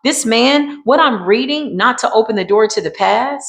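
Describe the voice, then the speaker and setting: A woman's voice: fairly high pitch, lively intonation, moderate pace, gravelly. A woman doing a casual tarot card reading, talking in an emphatic, repetitive and colloquial way and calling her viewers y'all.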